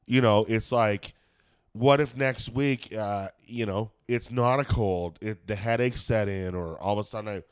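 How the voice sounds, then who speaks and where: A man's voice: on the low side, unhurried, smooth, dry recording, clean studio sound. A man, a comedian hosting a podcast, chatting casually and rambling with lots of swearing and fillers; he has a cold and a smoker's cough. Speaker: podcast host and stand-up comedian. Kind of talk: casual chat.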